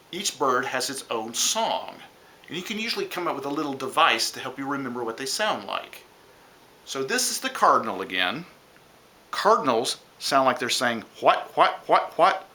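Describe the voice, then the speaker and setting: Upbeat male nature educator for kids, animated and bright, walks through it step by step and mimics bird calls. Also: medium pitch, normal speed, slight background noise. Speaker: science educator for children. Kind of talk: children's science lesson.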